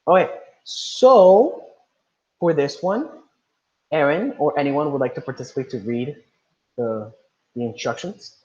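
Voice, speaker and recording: A man's voice: fairly high pitch, lively intonation, unhurried, long pauses, a little mellow, highs cut off. A male teacher leading an online class, reading instructions and calling on students by name. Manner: encouraging, calls on students by name. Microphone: video call.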